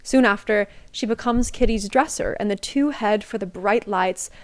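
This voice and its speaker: A woman's voice: medium pitch, normal speed, darkish tone. A young woman in a casual book vlog, chatty and gushing, often laughing as she talks about favorite reads. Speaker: book vlogger.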